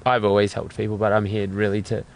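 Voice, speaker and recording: A man's voice: lowish voice, monotone, fast. A young man speaking candidly as an interview guest, rambling and full of fillers. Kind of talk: casual interview talk.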